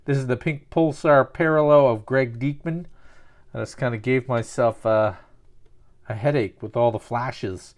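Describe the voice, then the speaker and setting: Male collector, mid pitch, rambling and self-mocking, casual commentary. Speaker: sports card collector opening packs. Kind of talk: casual pack-opening commentary with absurd storytelling.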